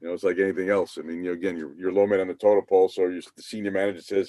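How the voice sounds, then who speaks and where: A man's voice: sits low, little pitch movement, very fast, few pauses, mellow, no echo. A man in his fifties, a guest on a video-call interview, reminiscing in an easygoing way with lots of fillers. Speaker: guest, former team manager.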